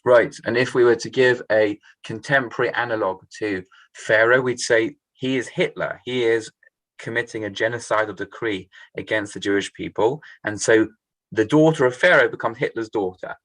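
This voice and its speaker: A man's voice: medium pitch, moderate pace, fairly bright tone, no room sound, low-quality recording. A man leading a Torah study class, thinking aloud, restarting phrases and putting questions to the group.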